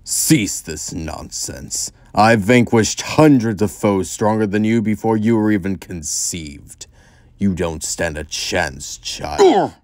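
A man voicing a hulking, contemptuous male monster warlord who delivers his threats slowly. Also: lowish voice, lively intonation, a little mellow, slightly rough, heavily acted. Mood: menacing. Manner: slow, drawn-out threats.

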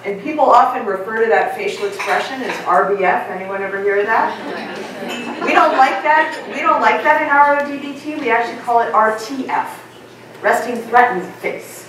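A middle-aged woman giving a lively conference keynote and asking her audience questions. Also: a little high, normal speed, slight background noise. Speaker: keynote speaker. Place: large conference hall. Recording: echoey hall, mic from far off.

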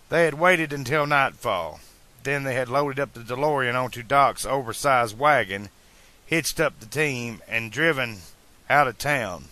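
A man narrating an amateur audiobook at an uneven pace, slowing on some phrases. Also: medium pitch, sharp tone.

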